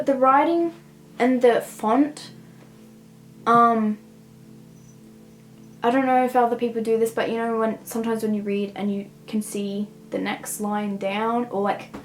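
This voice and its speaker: A young woman with a somewhat high voice gives a casual, rambling book review, dropping "like" into almost every thought. Soft music plays faintly beneath her, and the recording is rough.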